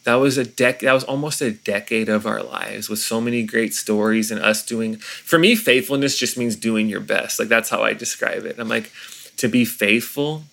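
A man, a pastor, talking in an earnest, reflective way during an interview, often pausing and restarting his sentences. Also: fairly low pitch, creaky, a bit bright.

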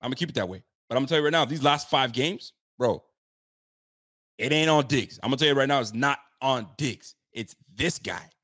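Frustrated by the result, this man gives an animated post-game take at a normal speed, speaking bluntly, looping back over the same points and dropping slang. His voice sits at a medium pitch with a touch of brightness.

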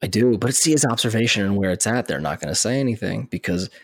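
A man's voice: on the low side, fast, no echo. A man co-hosting a podcast, talking bluntly and profanely in casual chat from Texas. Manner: blunt, profane, animated storytelling. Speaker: podcast co-host.

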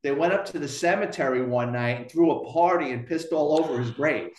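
A middle-aged man with a Bronx New York accent, a retired police detective telling blunt, profane stories with dark humor in a casual interview. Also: a little high, brisk, a little hiss or hum. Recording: roomy echo.

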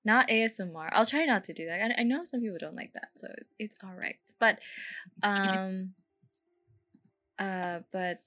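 A woman's voice: mid-range voice, moderate pace, bright, forceful tone. A young woman hosting a podcast, chatting casually in a rambling way with lots of fillers and laughing at herself. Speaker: podcast host. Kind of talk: casual chat.

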